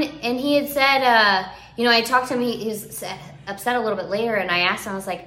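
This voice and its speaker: Chatty bright-voiced woman in her thirties. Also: medium pitch, fairly quick. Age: 30s. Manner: chatty, many "like" fillers. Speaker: parent. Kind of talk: casual chat. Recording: roomy echo.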